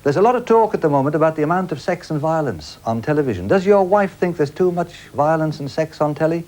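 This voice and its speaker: Jokey game show host, lively pitch. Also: male voice, quick pace. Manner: jokey, teasing, lively patter. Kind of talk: game show hosting, joking. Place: TV studio with audience.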